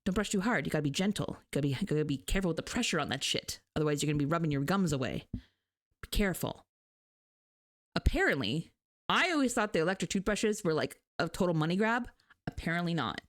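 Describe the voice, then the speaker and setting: A woman streamer in a chatty, animated casual talk, laughing often. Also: on the low side, fast talker. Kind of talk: casual chat.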